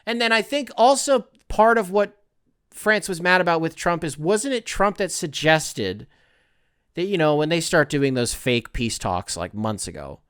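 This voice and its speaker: Male solo podcast host, slightly high, smooth clean voice, dry close sound, rambling and profane. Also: animated, unhurried, a bit bright, dry recording. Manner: rambling, profane, tongue-in-cheek. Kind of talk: casual solo commentary.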